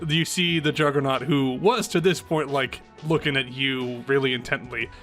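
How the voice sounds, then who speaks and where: A man's voice: mid-range voice, steady tone, moderate pace, fairly bright tone, faint music behind. A man narrating a tabletop game as game master in a playful way. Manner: playful, laughs often.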